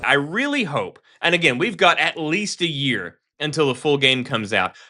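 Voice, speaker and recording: An animated, opinionated man co-hosts a casual chat about games, restarting his sentences as he goes. His voice is bright and forceful and sits a little high. He often jumps in with strong views. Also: moderate pace, faint music behind. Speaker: game podcast co-host.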